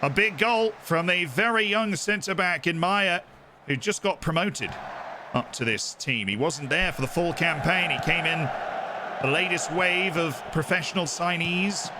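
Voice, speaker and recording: A man putting on an English accent to play an excitable football commentator calling a youth final. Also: on the high side, unhurried, noisy background, natural voice. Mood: excited commentary. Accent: put-on English. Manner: loud play-by-play calling, shouts at chances.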